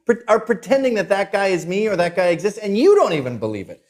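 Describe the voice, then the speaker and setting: A man's voice: sits high, fast. A man telling anecdotes as a guest in a casual interview, acting out the people he quotes. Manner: animated storyteller, acts out quotes.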